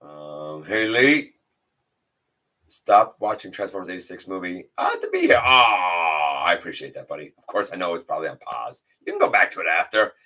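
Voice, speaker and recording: A man's voice: low voice, expressive, moderate pace, pushed and bright. A man hosting a casual livestream, chatting loosely, greeting viewers by name and reading their comments aloud. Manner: rambling with fillers and restarts. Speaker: livestream host.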